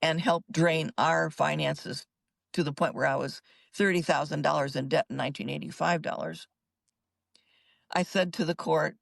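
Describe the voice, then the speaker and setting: Older woman, gravelly voice, dry close mic, emphatic and earnest, podcast interview guest. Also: low-pitched, fairly even intonation, moderate pace, no room sound. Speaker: guest psychologist. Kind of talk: recounting her story in an interview.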